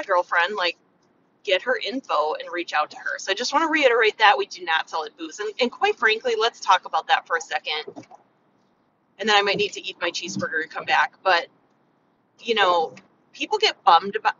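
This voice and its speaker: A woman vlogging casual, frank business advice as a beauty consultant, talking chattily and acting out customers in quick asides. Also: medium pitch, pushed and bright, recorded from a distance, highs cut off, a little hiss or hum. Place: in a car on the way to set up.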